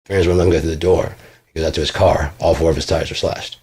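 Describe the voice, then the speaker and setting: Deep husky man telling a profane story. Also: fairly even intonation, fast talker, a little mellow. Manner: blunt, profane, boastful. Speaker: vlogger. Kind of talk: casual storytelling monologue.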